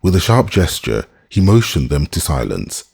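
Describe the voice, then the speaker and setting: Deep, husky male audiobook narrator. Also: big pitch swings, normal speed, a little mellow. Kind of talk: scripted narration.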